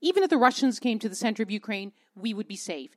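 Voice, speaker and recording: Animated Canadian woman journalist. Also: a little high, quick pace. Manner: expressive, repeats words, acts out quoted voices. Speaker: journalist, panel guest. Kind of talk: animated storytelling on a panel.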